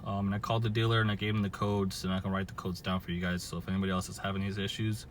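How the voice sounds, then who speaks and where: A man's voice: low voice, level tone, racing, slight background noise. A man from Southern California, filming a casual vlog outdoors by his car and explaining car trouble in a rambling way, full of fillers and restarts. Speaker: car owner vlogger.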